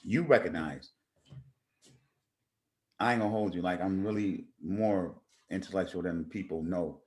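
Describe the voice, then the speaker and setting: A man's voice: deep voice, a little slow, darkish tone. Earnest man speaking with emphasis. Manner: earnest, emphatic, repeats words as he builds a point. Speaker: guest rapper. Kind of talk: casual interview talk.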